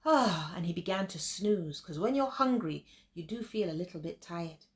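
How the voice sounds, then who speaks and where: A woman storyteller telling a children's tale in an animated, expressive way, often speaking directly to her listeners. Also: fairly low pitch, normal speed.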